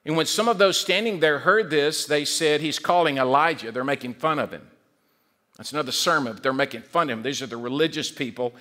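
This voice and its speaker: A man preaching a sermon as pastor, animated, often repeating words and acting out quoted voices. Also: a little high, brisk.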